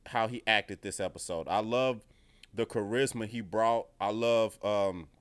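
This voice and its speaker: A man's voice: fairly low pitch, a little slow. A man giving a casual reaction review of a TV episode, profane and emphatic, often repeating his points. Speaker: TV show reviewer.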